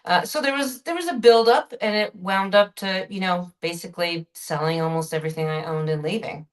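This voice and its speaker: A woman being interviewed on a podcast, telling stories in an animated, expressive way. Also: fairly low pitch, a little fast. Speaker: podcast guest. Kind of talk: conversational interview.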